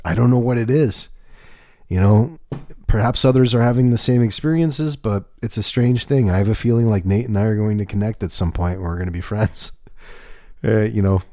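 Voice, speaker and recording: A man with a fairly low voice talks through a casual livestream, rambling and candid, with the odd swear word. The sound is dry and close, with no room echo. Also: normal speed, warm tone. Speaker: livestream host.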